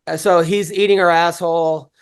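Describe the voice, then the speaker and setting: A man's voice: on the high side, steady tone, moderate pace, clean tone. A man hosting a podcast, telling stories in casual chat with constant swearing, restarts and rambling. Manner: profane, rambling storytelling with many restarts. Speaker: podcast host.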